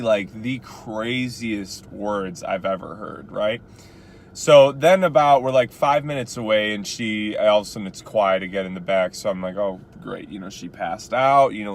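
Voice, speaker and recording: A man's voice: lowish voice, a little hiss or hum. A rideshare driver from Chicago, telling a story casually and packing his talk with "like" and "you know". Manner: chatty, lots of "like" and "you know".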